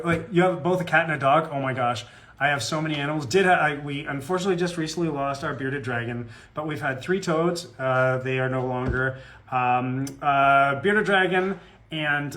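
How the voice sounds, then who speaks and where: Guy rambling and joking with fans on a live stream, slightly high voice, laughs at himself. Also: a bit bright. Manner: rambling and jokey, self-deprecating. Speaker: guest voice actor at a fan autograph Q&A. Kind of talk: casual live-stream chat.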